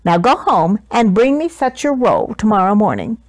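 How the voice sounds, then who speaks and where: A woman's voice: mid-range voice, sing-song, moderate pace, darkish tone, dry recording, close to an everyday voice. Woman doing a roaring stern duke. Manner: roaring, commanding. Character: stern, angry male duke.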